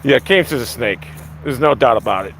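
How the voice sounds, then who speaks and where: A man's voice: mid-range voice, animated, fairly quick, fairly bright tone, a little hiss or hum. A man talking casually on a live stream outdoors, ranting with lots of swearing. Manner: profane, ranting.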